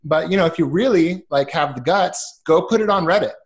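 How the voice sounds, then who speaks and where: A man's voice: fairly high pitch, a little fast. A man co-hosting a podcast in casual chat, easygoing and self-deprecating. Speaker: podcast co-host.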